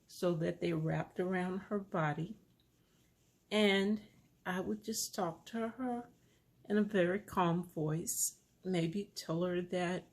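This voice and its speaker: A woman recounts a personal parenting story in a calm, unhurried voice. Her low-set voice carries a gravelly texture, and she takes her time with every phrase.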